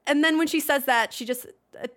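A woman's voice: sits high, brisk, fairly bright tone. A woman in her thirties co-hosting a podcast, chatting casually with a sarcastic edge and plenty of swearing. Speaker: podcast co-host. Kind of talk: casual chat.

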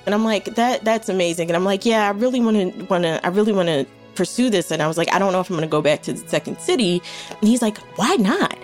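A woman's voice: expressive, fast, darkish tone, soft background music. A young woman telling a story with great energy, acting out the people in it and laughing as she goes. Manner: acts out quotes with big pitch swings and laughter. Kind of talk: animated storytelling.

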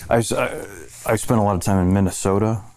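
A man from central Illinois sharing stories in casual podcast chat. His voice sits somewhat low, and he speaks earnestly and steadily. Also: steady tone, fast talker, darkish tone. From central Illinois, USA. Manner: earnest storytelling. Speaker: podcast co-host.

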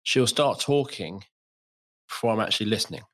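बातूनी ब्रिटिश पुरुष पॉडकास्ट होस्ट. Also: male voice, on the low side, normal speed. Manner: animated storytelling, acts out voices. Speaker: podcast host. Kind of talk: casual chat.

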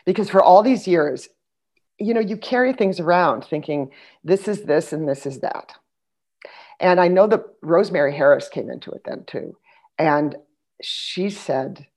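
A middle-aged woman in casual conversation, an animated storyteller who laughs and restarts her sentences. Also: sits low, normal speed. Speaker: guest.

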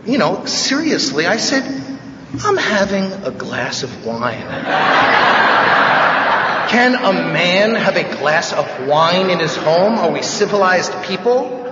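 Man from the Bronx, fairly high voice, wry joking storyteller at a recovery meeting, caught from afar in a big echoing hall on a dull recording. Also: very animated, takes it slowly, a loud crowd. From the Bronx, New York. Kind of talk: personal recovery talk, humorous storytelling. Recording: echoey hall, distant mic, dull sound.

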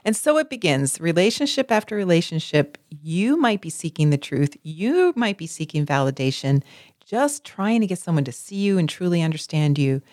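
Her pitch sits fairly low and her pace is moderate, captured in a studio-quality recording with no echo. As co-host in a casual chat, she tells stories expressively, acting out the people she describes with lively, vivid voices.

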